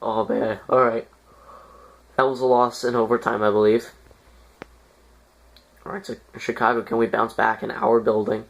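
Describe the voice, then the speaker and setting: A man's voice: lowish voice, little pitch movement, moderate pace, gravelly, pauses often. A man giving casual, rambling commentary over a hockey management game, with lots of fillers and sudden exasperated outbursts. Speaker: gaming YouTuber.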